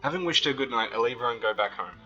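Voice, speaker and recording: A young man reading a visual novel aloud as its narrator, then breaking into excited, flustered reactions. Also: medium pitch, fast, dull audio, soft background music.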